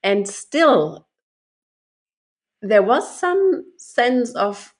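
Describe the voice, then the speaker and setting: A woman talks through her thoughts in a relaxed discussion, her voice sitting at a middle pitch. She pauses and restarts while searching for words and breaks into laughter along the way. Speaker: discussion participant. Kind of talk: casual conversation.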